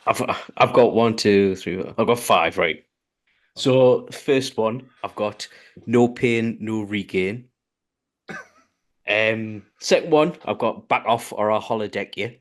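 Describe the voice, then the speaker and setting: A man co-hosting a casual podcast, talking hesitantly with many pauses and restarts. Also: fairly low pitch.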